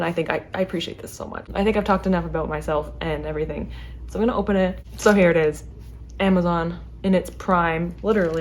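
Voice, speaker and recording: A young adult woman chatting casually to camera as a book vlogger, talking fast and chattily with many fillers and restarts. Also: mid-range voice, darkish tone.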